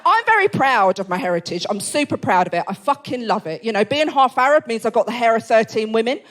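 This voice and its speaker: Essex woman, forties, stand-up comic, brash, sweary, slightly high voice. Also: sing-song, fast talker, a bit bright. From England. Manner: brash, sweary, self-mocking. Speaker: comedian. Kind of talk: stand-up comedy. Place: comedy club, live audience.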